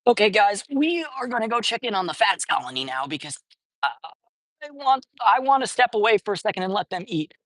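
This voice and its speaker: A man's voice: high voice, very animated, brisk, a bit bright, no room sound. A young man hosting a casual livestream outdoors, playful and joking as he greets viewers. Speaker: livestream host feeding stray cats. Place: outdoors at a cat colony.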